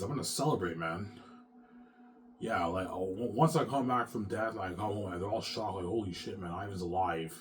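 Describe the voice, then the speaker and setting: A man's voice: deep voice, moderate pace, a little hiss or hum. A man rambling through a profane personal monologue, often stammering and repeating himself. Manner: repetitive, profane, stammering restarts. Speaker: vlogger.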